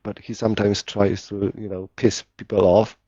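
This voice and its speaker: A man in casual chat, telling a story in halting speech while searching for words. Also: lowish voice, flat delivery, warm tone, dry recording, highs cut off.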